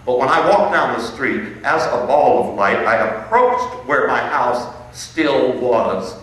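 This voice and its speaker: A middle-aged man from Illinois, an inspirational speaker telling a personal story on stage with emphatic, dramatic pauses and repetition. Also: mid-range voice, very animated, fairly bright tone. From Illinois, USA. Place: large hall on stage. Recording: echoey hall, mic far off, faint noise.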